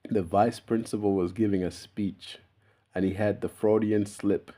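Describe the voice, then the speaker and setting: Young male YouTuber, lower voice, unscripted rambling, casual swearing, frequent chuckles. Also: fairly even intonation, measured pace, dark tone. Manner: loose, meandering, laughs often, swears casually.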